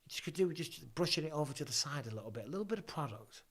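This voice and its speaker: A man's voice: fairly high pitch, expressive, racing, slightly rough. Chatty man streaming fight commentary. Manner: chatty, jokey banter reading viewer questions aloud. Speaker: live stream host. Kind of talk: casual live fight commentary.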